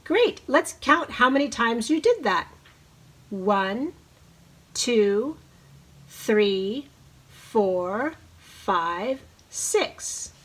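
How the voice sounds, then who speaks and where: Slow, encouraging woman teacher reading aloud. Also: on the high side, big pitch swings, fairly bright tone, breathy edge. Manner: slow, encouraging, leads bird-call imitations. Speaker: preschool teacher. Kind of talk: reading a picture book aloud to children.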